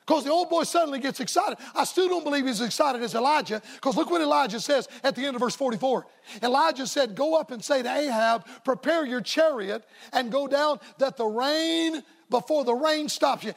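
A man preaching a revival sermon as a staff evangelist, folksy and emphatic, sometimes rising to shouts. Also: extremely high pitch, fairly quick, creaky.

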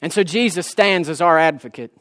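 High-voiced preacher man. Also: fairly quick, a bit bright. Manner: impassioned, folksy preaching. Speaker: pastor. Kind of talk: sermon.

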